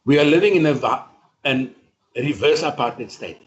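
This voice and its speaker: A middle-aged South African man telling stories in an interview, speaking in a measured, declarative, speech-like cadence. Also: medium pitch. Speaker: interview guest, community leader. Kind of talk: storytelling interview. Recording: dull lo-fi recording.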